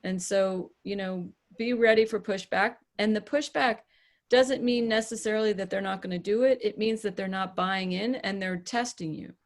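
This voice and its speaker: A woman's voice: medium pitch, fairly even intonation, normal speed. A woman hosting a podcast as a relationship coach, talking to a small group in a direct, matter-of-fact way and acting out examples.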